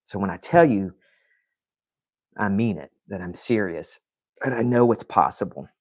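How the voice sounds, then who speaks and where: A man's voice: lowish voice, lively intonation, moderate pace, darkish tone, dry recording. Dry-sounding casual male podcast host. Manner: conversational, talks straight to chat, restarts often. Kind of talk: casual livestream talk to viewers.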